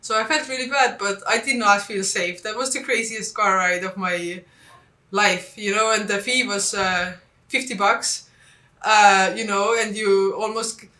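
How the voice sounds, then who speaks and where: A woman from Estonia, telling travel stories in a casual vlog and acting out the dialogue with lively jumps in pitch. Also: a little slow, reverberant. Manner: animated, acts out quoted dialogue with big pitch jumps. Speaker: vlogger.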